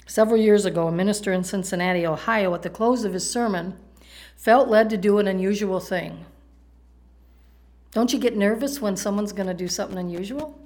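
A woman's voice: medium pitch, moderate pace, long pauses, a little mellow. A middle-aged woman from the United States preaching a sermon, telling a story with humorous asides to the congregation.

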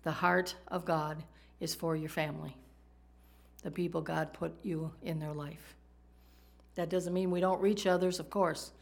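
Brief: woman preacher with a fairly low voice, teaching sermon with jokes. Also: level tone, measured pace, creaky, pauses often. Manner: teaching, explains Hebrew words, tells jokes.

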